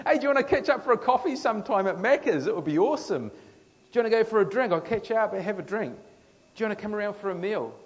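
Preacher doing a chummy Australian mate. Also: male voice, high voice, expressive, pitched above the performer's own voice. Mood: cheery. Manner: breezy, matey invitations, quick and upbeat. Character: friendly welcoming adult man, chummy and eager. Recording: dull lo-fi sound in a long-reverb hall.

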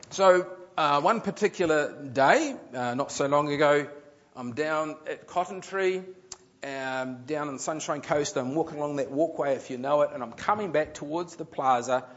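A man's voice: medium pitch, muffled recording. A man, a pastor telling a story in a sermon, in a chatty, rambling way with restarts and fillers.

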